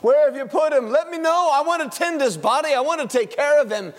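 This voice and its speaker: A man's voice: very high-pitched, a little fast, voice pushed up. A man voicing a grieving woman who pleads urgently at an empty tomb. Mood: pleading.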